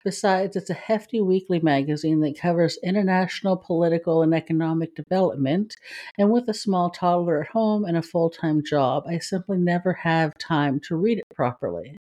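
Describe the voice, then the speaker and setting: A woman's voice: lowish voice, moderate pace, dark tone. A woman co-hosting a podcast, chatting casually, laughing easily and reading stories aloud. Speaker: podcast co-host. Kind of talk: casual chat and story reading.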